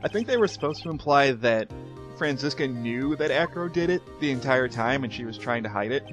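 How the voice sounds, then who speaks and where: A man's voice: mid-range voice, lively intonation, over music. A man chatting about a game with friends, talking loosely and cursing lightly now and then. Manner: chatty, mild swearing, quick restarts. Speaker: let's play commentator. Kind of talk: casual group commentary.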